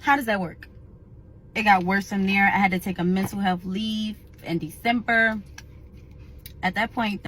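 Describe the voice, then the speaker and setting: A young woman tells her own story straight to her viewers in a casual voice. She sounds indignant and animated, and she acts out the lines of the people she quotes. Her voice is bright and forceful. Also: medium pitch, normal speed, long pauses, slight background noise. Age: young adult. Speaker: storyteller recounting a work experience.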